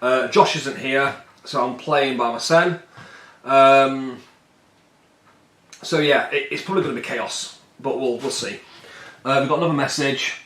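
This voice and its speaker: A man's voice: medium pitch, unhurried, long pauses, a bit bright. Chatty man in an echoey room. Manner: rambling and jokey, puts on silly voices for the miniatures. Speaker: tabletop wargame player. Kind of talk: casual solo play-through with chat.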